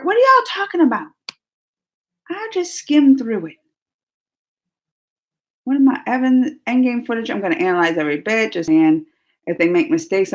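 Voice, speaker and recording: A woman hosting a casual live chat, talking fast with lots of "like" and "y'all", laughing and reading out viewer comments. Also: medium pitch. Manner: animated, laughing, full of "like" and "y'all". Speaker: live stream host.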